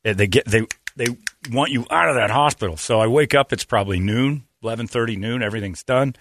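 Bright-voiced man telling animated stories. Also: mid-range voice, fast, no echo, studio quality. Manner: animated storyteller who acts out dialogue. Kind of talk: casual storytelling chat.

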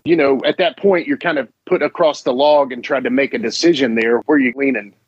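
A man's voice: medium pitch, fairly quick, husky, no room sound, muffled recording. A man hosting a podcast, summing up a guest's story and asking what comes next. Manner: prompting, sums up the guest's story. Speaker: podcast host. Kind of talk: casual interview chat.

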